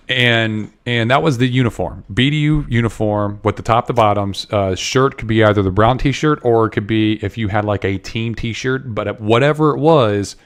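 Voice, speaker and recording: A man as a podcast guest, telling a story in an earnest, rambling way full of restarts and repeated words. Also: mid-range voice. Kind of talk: casual storytelling interview.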